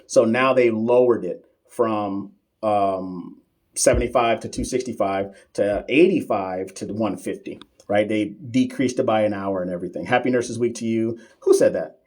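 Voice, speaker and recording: A man's voice: lowish voice, moderate pace, darkish tone. Chatty man answering live-stream comments. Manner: loose and chatty, reads viewer comments aloud and answers them; teasing and familiar with regular viewers. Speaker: nursing exam coach hosting a live stream.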